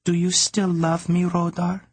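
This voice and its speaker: Brief: male narrator as headstrong young princess, sweetly coaxing, raised husky voice. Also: high voice, monotone, measured pace, no echo, voice pushed up. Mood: coy. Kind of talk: audiobook character voice.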